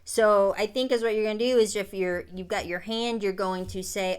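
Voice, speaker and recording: A woman co-hosting a casual chat, animated and given to playful exclamations. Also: fairly low pitch, normal speed, hardly any pauses, clear, resonant tone. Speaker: co-host.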